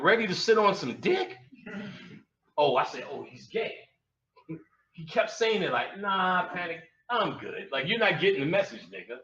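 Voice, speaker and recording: A man telling crude comic stories to a live audience, cursing freely and laughing and shouting at his own punchlines. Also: on the high side. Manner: heavy profanity and slang. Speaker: comedic storyteller. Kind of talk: live stand-up style storytelling. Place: lecture room with an audience. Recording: echoey room, distant lo-fi mic.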